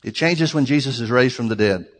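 A man's voice: medium pitch, fairly quick. A man preaching a sermon to his congregation, earnest and conversational, with emphatic repetition. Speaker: pastor. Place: church sanctuary. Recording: long reverb of a large hall.

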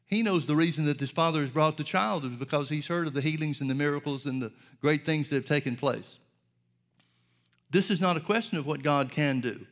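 A man's voice: on the high side, brisk. A man preaching a sermon, earnest and direct, asking rhetorical questions and addressing his listeners as folks.

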